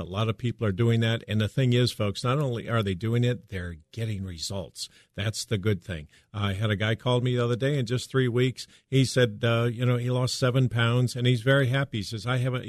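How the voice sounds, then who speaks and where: A man's voice: medium pitch, no echo, studio quality. A man co-hosting a talk radio show, speaking casually and hesitantly with many ums and uhs. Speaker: radio co-host. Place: radio studio.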